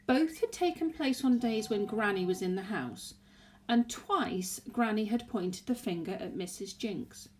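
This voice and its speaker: A woman narrating a children's novel aloud in an expressive storytelling way. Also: lowish voice, slight background noise.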